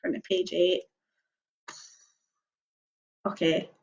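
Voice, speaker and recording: A young woman reading a choose-your-own-adventure book aloud on a livestream, mixing lively narration with casual chatty asides. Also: fairly low pitch, drawn-out words, creaky, slight background noise. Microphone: computer or phone mic on a video stream. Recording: dull lo-fi livestream audio.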